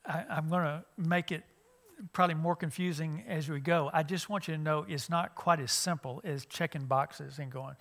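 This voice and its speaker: A man's voice: a little high, moderate pace, gravelly, fairly bright tone. A middle-aged man, a youth minister giving a conversational church lesson with many fillers and restarts.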